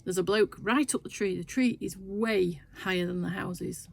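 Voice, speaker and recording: Older woman with a gravelly voice. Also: medium pitch, moderate pace. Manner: chatty, rambling anecdote with asides. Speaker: sewing vlogger. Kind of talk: casual storytelling chat. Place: her sewing shed, indoors.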